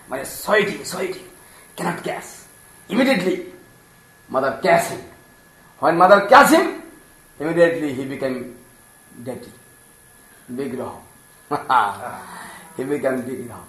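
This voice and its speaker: A man telling a devotional story in simple English, animated, acting out the characters' voices and laughing often. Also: fairly high pitch, unhurried, long pauses. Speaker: storyteller preacher. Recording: echoey room.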